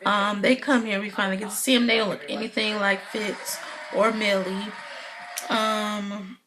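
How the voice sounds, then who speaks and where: A woman's voice: medium pitch, level tone, normal speed, noisy background. A woman giving a casual, opinionated recap of a TV episode, chatty and full of fillers. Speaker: video blogger.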